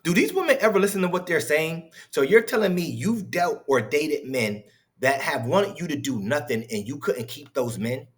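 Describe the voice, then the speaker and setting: A man's voice: on the high side, animated, moderate pace. Guy ranting over a clip, mocking, swearing, disbelieving. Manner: mocking, incredulous, heated and profane. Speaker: commentary host reacting to clips. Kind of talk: profane reaction commentary.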